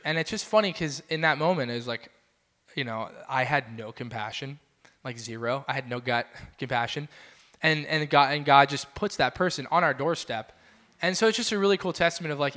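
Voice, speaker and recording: Young man, pastor, casual sermon, slightly high voice, bright and forceful, chatty, animated storytelling. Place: small church building, indoors.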